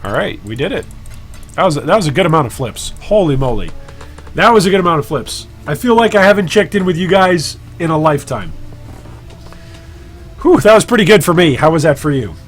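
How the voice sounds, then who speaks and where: During a casual live stream where he trades, a man who leads a gaming guild jokes about himself and chats with his viewers. His fairly high voice is very animated and fairly quick, with soft music playing in the background.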